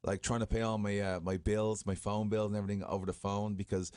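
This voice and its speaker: Fast-talking Irish man, low voice. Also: flat delivery, darkish tone, clear, resonant tone, dry recording, clean studio sound. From Ireland. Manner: chatty, self-mocking storyteller. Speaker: guest wrestler. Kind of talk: casual interview chat. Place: radio studio.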